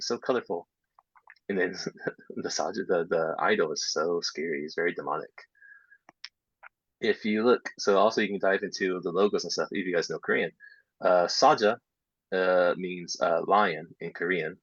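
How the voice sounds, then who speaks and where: A low-voiced man with a gravelly, husky tone talks teachers through a lesson in a relaxed way, now and then sinking into soft half-whispered asides. The sound is dull and lo-fi, dry and close. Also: no room sound. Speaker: English teacher trainer. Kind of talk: casual workshop talk.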